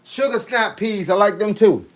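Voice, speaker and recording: A man's voice: high voice, animated, moderate pace. A man, a fitness coach, chatting casually on a live stream, joking in heavy slang and reading out viewer comments.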